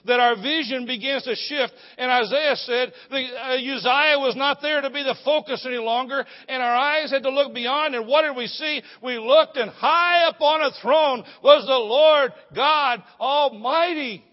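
A man preaching a sermon as a pastor, swinging between loud proclamation and hushed, low confiding. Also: a little slow, few pauses. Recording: muffled sound with long hall reverb.

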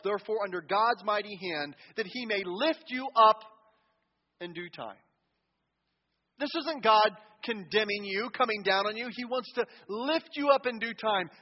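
A man preaching a sermon as pastor, emphatic and swinging between quiet passages and loud cries. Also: high voice. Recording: dull sound with long hall reverb.

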